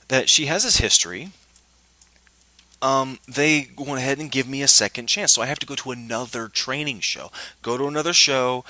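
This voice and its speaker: A man's voice: medium pitch, pushed and bright, dry recording. A man telling a personal work story in a casual monologue, frustrated and indignant, acting out the dialogue he quotes.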